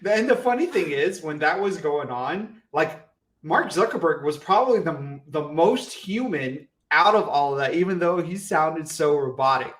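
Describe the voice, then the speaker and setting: A man's voice: on the high side, expressive, moderate pace, fairly bright tone. A man co-hosting a podcast in easygoing, teasing casual chat. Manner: laughs often, easygoing, teasing. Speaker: podcast co-host.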